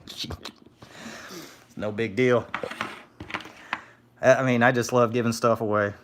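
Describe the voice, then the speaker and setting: A man's voice: fairly low pitch, fairly bright tone, a little hiss or hum. A man casually chatting on a live stream, telling laid-back stories and thanking viewers in chat. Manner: laid-back storyteller, reads chat aloud. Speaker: scrapper streamer.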